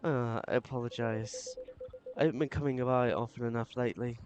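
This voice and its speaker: A man voicing a gentle alien who is becoming more human, talking in a soft, hesitant, apologetic way. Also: mid-range voice, steady tone, a little fast, soft background music, lightly acted. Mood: shy.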